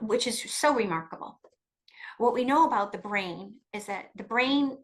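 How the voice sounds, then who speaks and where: A middle-aged woman, a guest expert in an interview, giving coparenting advice in an emphatic, fast-flowing way with frequent restarts. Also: medium pitch, fairly bright tone, rough recording.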